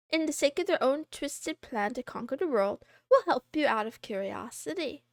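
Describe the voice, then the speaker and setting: A high-pitched woman with a lively, bouncing voice chats with her stream audience, reading messages aloud and teasing. She is playful and giggly, and the recording is dry and close. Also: no room sound. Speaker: VTuber streamer. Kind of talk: casual chat reading viewer messages.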